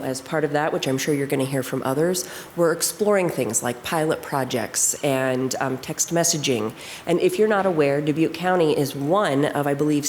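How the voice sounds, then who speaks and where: A woman, a city attorney, giving a measured budget presentation with frequent fillers at a council meeting. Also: extremely low pitch, darkish tone, a little hiss or hum. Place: council chamber.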